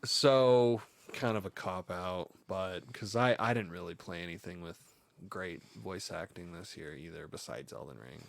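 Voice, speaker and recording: A man's voice: sits low, a little slow, creaky, no room sound. Guy on a podcast swearing and joking around, dry close mic. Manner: crude, joking, swears a lot. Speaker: podcast co-host. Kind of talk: casual chat.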